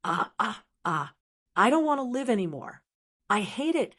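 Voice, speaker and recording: A woman's voice: a little high, big pitch swings, moderate pace, fairly bright tone. A woman voicing a boastful, cowardly talking female blackbird in an audiobook, whiny and indignant, with squawking cries. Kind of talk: audiobook character voice.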